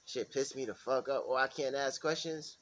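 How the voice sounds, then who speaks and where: A man's voice: mid-range voice, normal speed, a bit bright. A man vlogging in a heated, profanity-laced rant, repeating himself for emphasis. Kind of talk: casual ranting monologue.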